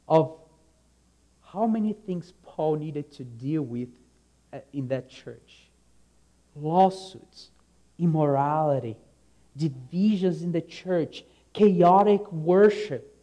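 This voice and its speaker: A man delivering a sermon at a slow, deliberate pace. His tone is warm and mellow, and he is earnest and emphatic, often repeating a key phrase and trailing off softly at the ends of lines. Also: on the high side. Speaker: preacher.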